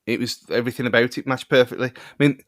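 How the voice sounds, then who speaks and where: A man's voice: mid-range voice, fairly even intonation, fast, a bit bright, dry recording. A man with a mid-range voice rambles on a casual podcast as a co-host. He pokes fun at himself and often trails off mid-thought. The sound is dry and close-miked.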